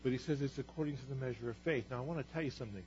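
A man's voice: medium pitch, very fast, a little mellow, slight background noise. A man preaching a sermon as pastor, earnest and building to emphatic repeated declarations. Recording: dull, lo-fi sermon recording.

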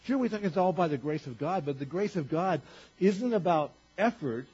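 A male pastor preaching a sermon in a conversational way, repeating phrases and rising in pitch for emphasis. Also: lively intonation, moderate pace, a little mellow, breathy edge. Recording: dull lo-fi recording.

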